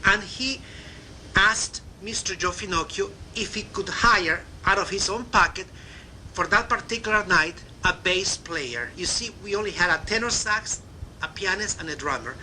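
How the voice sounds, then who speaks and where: Older cuban guy telling backstage stories, really bright voice, faint noise behind. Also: high voice, normal speed, low-quality recording. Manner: warm, chatty anecdotal. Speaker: narrator. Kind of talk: memoir storytelling.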